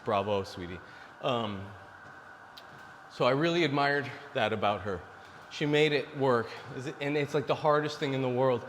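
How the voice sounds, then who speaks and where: A man's voice: medium pitch, moderate pace, a bit bright, long reverb tail, a little hiss or hum. A man in his forties giving blunt dating advice to male viewers in a casual, preachy monologue. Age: 40s. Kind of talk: casual direct-to-camera monologue.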